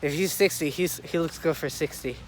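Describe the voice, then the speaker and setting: A young man with a stuffy nose, out of breath, rambling excitedly and swearing as he vlogs on a phone while walking outside. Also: on the high side, fairly quick. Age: young adult. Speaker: vlogger. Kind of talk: casual walking vlog. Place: outdoors on a city street. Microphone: phone held at arm's length. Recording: faint outdoor traffic noise. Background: faint street and traffic sounds.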